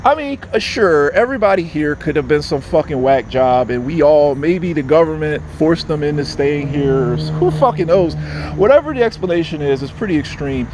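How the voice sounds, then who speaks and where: Agitated, lively-pitched male vlogger. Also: a little hiss or hum. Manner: agitated, profane, repetitive. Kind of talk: casual rambling monologue.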